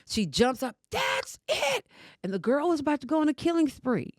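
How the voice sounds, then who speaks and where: An older woman, a podcast guest telling her family story with forceful emphasis. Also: high-pitched, expressive, fast talker, no echo, clean studio sound. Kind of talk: emotional casual conversation.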